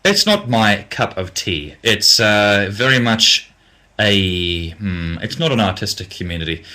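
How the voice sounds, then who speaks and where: A young Australian man, a music producer, answering viewer questions in a casual live Q&A, halting with many ums and restarts, blunt in his opinions, and getting tired. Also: lowish voice, animated, pushed and bright.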